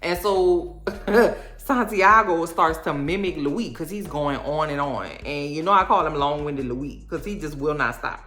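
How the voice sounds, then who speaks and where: A woman from New Orleans with a New Orleans accent, recapping a TV episode in a sassy, animated, chatty way. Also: deep voice, unhurried, roomy sound, soft background music. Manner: sassy, animated storytelling with playful impressions. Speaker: recap vlogger.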